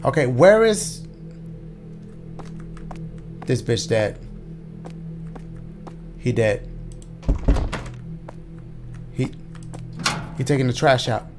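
A man casually commenting on his gameplay, cracking jokes, swearing freely and reacting loudly to scares. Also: mid-range voice, very animated, very slow, long pauses, over music. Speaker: gaming YouTuber.

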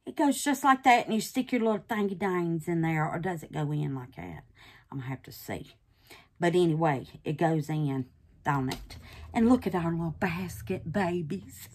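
A woman's voice: lowish voice, expressive, normal speed, a little mellow, slightly rough. A woman hosting a casual resin craft vlog. She is chatty and affectionate, calls her viewers babies and honey, and drops into nervous whispers while she works. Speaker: resin craft channel host.

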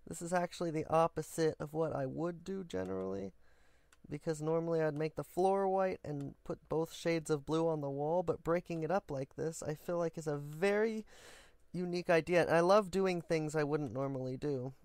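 A man's voice: fairly high pitch, moderate pace, gravelly, darkish tone, no echo. A man hosting his own building game video, talking casually and goofily to viewers with rambling asides. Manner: chatty and goofy, rambling asides. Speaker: game building vlogger, host. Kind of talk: casual gameplay commentary.

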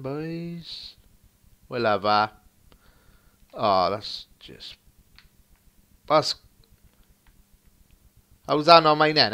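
A young man commentating his own football video game match, excitable and crude, muttering one moment and shouting the next. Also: fairly low pitch, vocal fry. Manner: crude banter. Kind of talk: live gameplay commentary.

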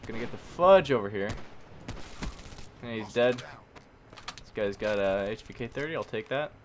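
A man giving live commentary over his own gameplay, jokey and prone to sudden yelps and shouts. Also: on the low side, animated, normal speed, slight background noise. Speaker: gaming commentator.

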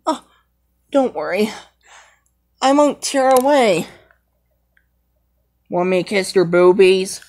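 A woman's voice: mid-range voice, expressive, slow, pauses often, a little mellow. A woman voicing a brave, brooding young male lion in an amateur fan role-play, rambling and hesitant. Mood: soothing.

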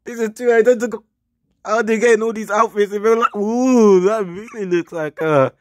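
A man reacting casually to pictures, repeating words, squealing high greetings and shouting refusals. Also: normal speed, background noise. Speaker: YouTube reaction host.

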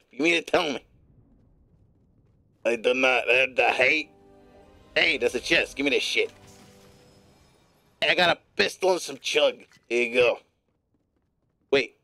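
Gravelly animated male streamer. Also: on the high side, measured pace, pauses often, no room sound. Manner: talks in a put-on gruff newsman voice, profane and playful. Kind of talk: live gameplay commentary.

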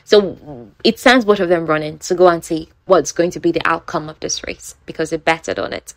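A woman casually retelling a romance novel in her own words, chatty and full of asides to the listener. Her voice sits low, and the recording is close and dry. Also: normal speed, no room sound. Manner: chatty, asides like "you know". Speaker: book storyteller.

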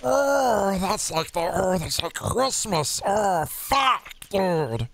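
A stoned little gnome, as a man plays him from a game stream, drawling out slow, gasping curses between hits. The voice is gravelly and bright, with plenty of fry, and breaks into coughs. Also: high-pitched, big pitch swings, no room sound, voice pushed up, exaggerated voice. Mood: stoned, giddy.

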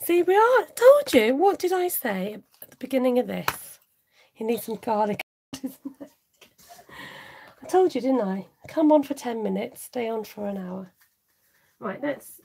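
This card-making livestream host chats in a casual way, reading viewers' comments aloud and murmuring asides to herself often. Her voice is a little high and gravelly, a little mellow, with lively intonation at normal speed over slight background noise.

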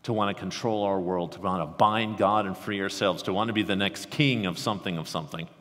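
A man with a Midwestern American accent preaching a conversational sermon, swinging between animated excitement and hushed intensity. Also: deep voice, a little fast. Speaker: pastor. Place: large church sanctuary. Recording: reverberant sanctuary sound.

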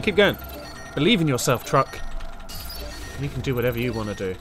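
A man's voice: mid-range voice, very animated, quick pace, long pauses, over music. A man commenting casually on a video game as he plays, crude and joking. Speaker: gaming streamer.

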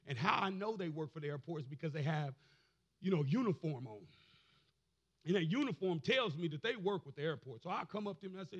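A man preaching a sermon as pastor, building to shouted emphasis and calling out to the congregation. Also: on the high side, animated, a little fast, muffled recording. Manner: preaching with rising, shouted emphasis and audience call-and-response.

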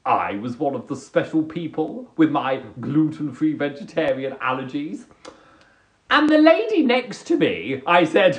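A man doing a chatty live comedy monologue from his sofa, camp and theatrical, jumping into high squealing voices when he quotes people. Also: big pitch swings, a little slow, echoey room. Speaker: comedy livestreamer. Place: home, on a sofa.

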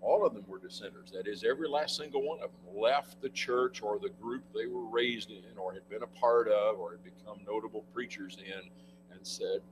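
A man's voice: fairly low pitch, normal speed. An older man giving a conversational church lecture, with wry asides. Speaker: guest speaker. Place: church meeting room. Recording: noisy room recording with hum.

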